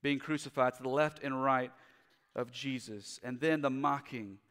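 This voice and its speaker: A male pastor preaching a sermon. He moves from loud, urgent emphasis to quiet, low passages. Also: normal speed, big-room sound.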